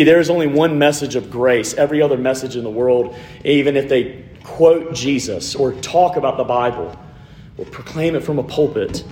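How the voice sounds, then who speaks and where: A man's voice: fairly high pitch, a little mellow, reverberant, slight background noise. A man, a pastor, preaching a sermon with emphatic repetition and rhetorical lists.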